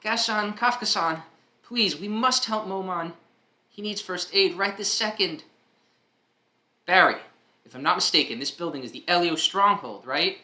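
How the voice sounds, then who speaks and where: A man doing a high, earnest young boy hero. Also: moderate pace, sharp tone, reverberant. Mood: urgent. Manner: urgent, polite, high boyish voice.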